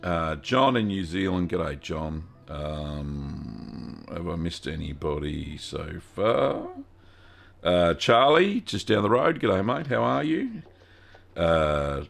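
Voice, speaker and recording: A man's voice: low-pitched, sing-song, slow pace, creaky. An Australian man hosting a live Q&A stream, chatting casually in a folksy way, greeting viewers by name and filling gaps with ums and uhs. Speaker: host of a cheese-making livestream.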